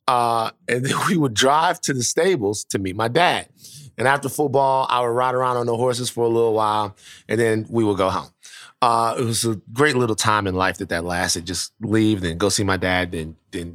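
A man with a bright, forceful voice telling a long story in casual conversation. He talks in an animated and profane way, often restarting his sentences. The sound is dry and close. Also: medium pitch, no room sound.

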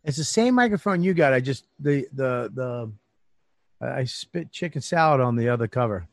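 A male comedian makes relaxed small talk in a blunt, rambling way. His voice sits in a middling range and sounds dry through a large studio mic. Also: mid-range voice, moderate pace, no echo. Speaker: guest comedian. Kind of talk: casual chat. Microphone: large studio microphone.

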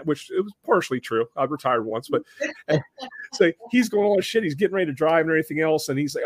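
A man hosting a podcast, telling a story casually with many restarts and animated impressions of the people in it. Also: fairly high pitch, fast talker, no room sound, studio quality. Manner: animated, acts out other people in raised voices; conversational with frequent restarts. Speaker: podcast host.

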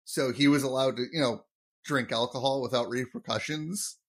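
A man's voice: mid-range voice, normal speed. A young man hosting a podcast, rambling casually through an episode recap with fillers and laughs. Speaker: podcast host.

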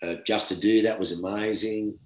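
Aussie guy in his 50s spinning a yarn, lowish voice, kinda echoey room. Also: moderate pace. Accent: Australian. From Australia. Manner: animated, laughing storyteller who acts out quoted voices. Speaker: former cricketer, guest storyteller. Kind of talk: casual anecdote telling. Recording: roomy echo.

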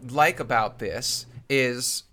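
A man's voice: mid-range voice, slow pace, pushed and bright. A man co-hosting a podcast in casual chat, blunt and emphatic, swearing freely. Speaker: podcast co-host.

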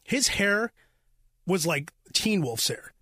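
Chatty high-voiced male radio host. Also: big pitch swings, slow pace, sharp tone, no echo, clean studio sound. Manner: rambling, joking, self-interrupting. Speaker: radio morning show host. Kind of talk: casual on-air banter. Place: radio studio. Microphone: studio microphone.

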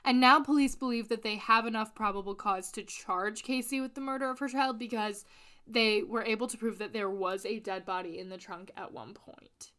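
A woman co-hosting a casual true crime podcast, recounting a case in an animated, sweary way and laughing often. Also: a little high, moderate pace. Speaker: podcast co-host.

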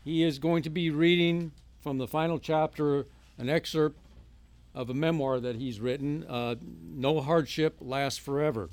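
A man's voice: on the high side, fairly even intonation, a little slow, darkish tone, no room sound. A man introducing the next reader at a reading event. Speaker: event host.

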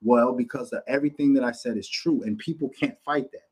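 A man hosting a podcast from his home office, ranting bluntly and profanely in a casual, animated way. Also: medium pitch, fairly quick, husky, rough recording. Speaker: podcast host. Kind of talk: casual rant to camera.

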